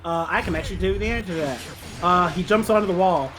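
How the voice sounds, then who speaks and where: A man's voice: sits high, quick pace, music in the background. A man doing play-by-play commentary, explaining the game's frame data and mix-ups.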